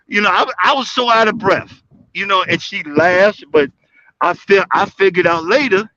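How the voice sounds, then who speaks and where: A man on a livestream call telling casual stories, animated, acting out quotes with big jumps in his voice. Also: sits high, normal speed, a little hiss or hum. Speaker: guest speaker on a livestream call. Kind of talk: casual storytelling. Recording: dull lo-fi livestream audio.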